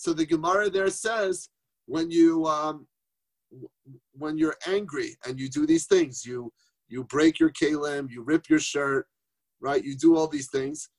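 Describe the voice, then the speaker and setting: A man's voice: on the high side, a little slow. A man teaching Torah informally on a group phone call, conversational, asking rhetorical questions and mixing in Yiddish and Hebrew terms.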